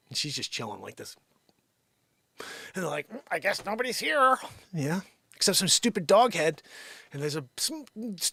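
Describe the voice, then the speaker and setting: A man hosting his own daily live stream from home, rambling and joking, jumping from loud bits to whispered asides. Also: medium pitch, husky, no echo. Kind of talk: unscripted comedic live-stream chat.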